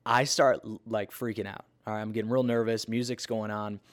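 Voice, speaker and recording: A man telling a personal story in a sermon, animated and conversational, with many fillers and restarts. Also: fairly low pitch. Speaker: preacher.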